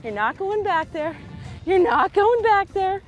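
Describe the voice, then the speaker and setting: A young woman vlogging from a fishing boat outdoors, chatting casually and bursting into excited shouts. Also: extremely high pitch, a little slow, muffled recording, faint music behind. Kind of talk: casual vlog commentary.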